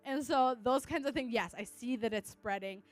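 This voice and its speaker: A woman's voice: on the high side, normal speed, soft background music. A young woman, a teacher, tells a church gathering about her students in a casual, chatty way. She leans on "like" and slips in Spanish words. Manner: chatty, full of "like" fillers, drops in Spanish words. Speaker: teacher giving a testimony. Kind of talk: casual testimony to an audience.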